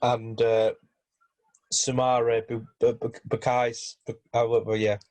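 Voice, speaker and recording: A man's voice: mid-range voice, level tone, slow, darkish tone. A man co-hosting a casual football podcast, hesitant with many fillers and restarts. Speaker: podcast host.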